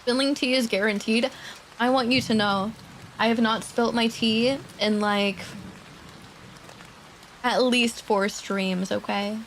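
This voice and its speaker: A woman streamer chatting casually and quietly with her viewers at her desk mic, laughing often and swearing now and then. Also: on the high side, steady tone, takes it slowly, long pauses, a little hiss or hum. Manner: soft-spoken, talking quietly. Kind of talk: casual livestream chat. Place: home streaming setup.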